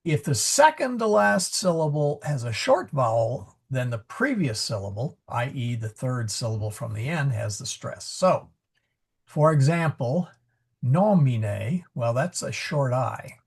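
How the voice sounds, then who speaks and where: A man's voice: medium pitch, expressive, a little slow, gravelly, husky. A man teaching Latin pronunciation in a live class over a video call, patiently explaining and correcting himself as he goes. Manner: patient, explanatory, self-correcting with frequent fillers.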